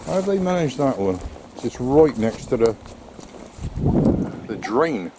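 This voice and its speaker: A man's voice: mid-range voice, very animated, measured pace, background noise. A man filming a casual vlog on a street and in his car, grumbling and exasperated, out of breath. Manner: grumbling, exasperated, swears mildly. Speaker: vlogger. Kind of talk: casual vlog commentary while walking and driving. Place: outdoors on a street in the rain, then inside a car.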